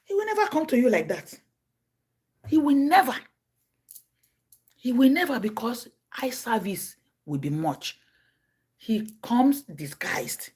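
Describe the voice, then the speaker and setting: A Nigerian woman telling stories on her livestream. She acts out the people in them, jumping from a low murmur to high cries and shouts. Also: big pitch swings, takes it slowly, pauses often, husky. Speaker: livestream host. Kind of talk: casual storytelling.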